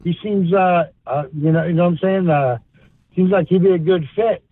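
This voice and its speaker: A man with a Southern US accent, from Florida, calling in to a radio show and talking haltingly with many fillers. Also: high voice, no echo. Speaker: caller. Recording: tinny dry phone line.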